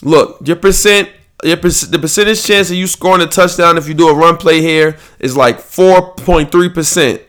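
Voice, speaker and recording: A young man hosts a casual sports podcast and rants hotly, swearing often. His voice sits a little high for a man. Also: moderate pace, a bit bright. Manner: heated, profane ranting. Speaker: podcast host.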